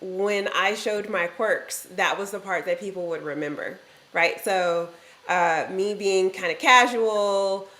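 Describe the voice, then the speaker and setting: A woman's voice: mid-range voice, slow pace, a bit bright. A woman hosting a casual business talk show, easygoing and laughing often. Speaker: host. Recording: roomy echo.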